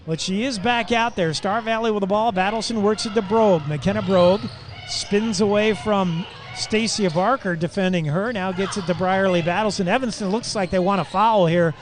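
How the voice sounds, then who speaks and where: A man calling a high school girls basketball game live on local radio, with quick, excitable calls that jump into shouts on big plays and folksy asides to listeners. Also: slight background noise. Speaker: play-by-play announcer.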